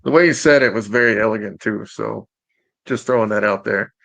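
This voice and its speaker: A man's voice: lowish voice, fairly quick, vocal fry, fairly bright tone, no echo. A man hosting a podcast, talking in a casual, laid-back way. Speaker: podcast host. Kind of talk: casual interview chat.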